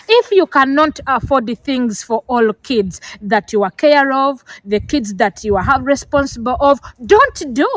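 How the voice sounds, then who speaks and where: Middle-aged african woman vlogging, earnest and lecturing, kinda high voice, gets choked up. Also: dry recording, poor audio. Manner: earnest and lecturing, with fillers and restarts. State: emotional, near tears. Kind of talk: emotional personal talk to camera.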